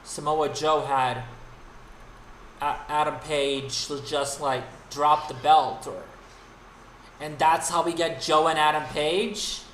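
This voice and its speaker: A man's voice: a little high, fairly even intonation, slow pace, fairly bright tone. Profane, exasperated male streamer ranting. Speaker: streamer and host. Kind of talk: unscripted rant on a livestream. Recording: roomy with faint background noise.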